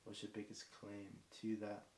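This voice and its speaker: A man's voice: lowish voice, completely flat delivery, normal speed, a little mellow. A British man improvising a long stream of rhymes, rambling off the cuff with frequent ums. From Britain. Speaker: freestyle rapper. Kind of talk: long improvised freestyle rhyming. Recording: echoey room with faint hiss.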